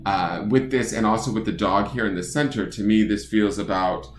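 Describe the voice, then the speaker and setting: A man's voice: lowish voice, normal speed, echoey room, faint music behind. A man doing a casual charm-reading livestream from his home desk, chatting playfully and greeting viewers by name. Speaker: tarot and charm reader. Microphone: phone or webcam on desk.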